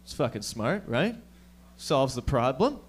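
A man's voice: medium pitch, big pitch swings, breathy edge. A young man from the Toronto area hosting a stand-up set, firing off profane jokes at the crowd. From Toronto area, Canada. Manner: profane, rapid-fire joking to the crowd. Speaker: stand-up comedian and host. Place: comedy lounge stage.

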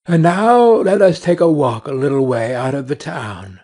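A man voicing a hungry, tired male shepherd's dog in a plain, lower voice. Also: lively intonation, moderate pace, darkish tone.

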